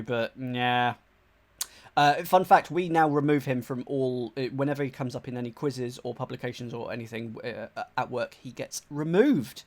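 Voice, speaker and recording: A man from England streaming live as he solves a crossword, thinking aloud in a chatty, animated way and greeting his viewers. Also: medium pitch.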